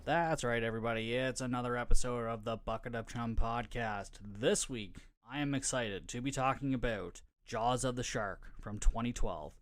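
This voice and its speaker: A man hosting a podcast, recapping a film casually with lots of swearing, jokes and laughter. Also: medium pitch. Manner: profane, joking, laughs often. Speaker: podcast host.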